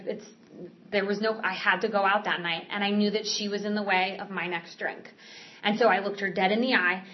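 Earnest woman with halting, filler-heavy speech. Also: mid-range voice. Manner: halting, frequent fillers and restarts; earnest, candid. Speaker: speaker sharing a recovery story. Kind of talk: personal recovery testimony. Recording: slightly dull, muffled recording.

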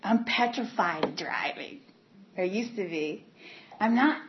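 Woman giving a candid recovery testimony, halting with fillers; mid-pitched voice on a dull, lo-fi recording. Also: expressive, background noise. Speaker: speaker sharing her recovery story. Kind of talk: personal testimony talk.

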